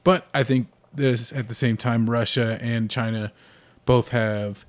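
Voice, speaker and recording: A man's voice: mid-range voice, steady tone, measured pace. A young man from the United States co-hosting a casual podcast, talking politics and movies with lots of fillers and restarts. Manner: rambling, frequent fillers and restarts. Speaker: podcast co-host.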